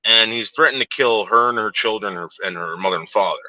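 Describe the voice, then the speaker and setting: A man's voice: lowish voice, fast, bright, forceful tone, dry recording, dull audio. A man in casual chat, telling a story in a rambling, profane way with frequent repeated words and restarts.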